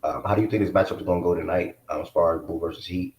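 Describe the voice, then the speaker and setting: A man with a very low voice hosts a loose sports stream, drawling his questions in easygoing slang. His voice comes back off the walls of an echoey room. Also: fairly even intonation, racing, darkish tone. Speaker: host. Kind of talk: casual live stream chat.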